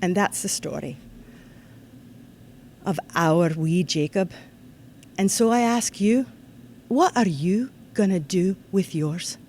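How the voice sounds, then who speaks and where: A woman giving a formal ceremony address to students, in an earnest, measured way that turns lively when she tells a story. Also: lowish voice, a little hiss or hum. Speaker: ceremony speaker. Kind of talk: formal commencement-style address.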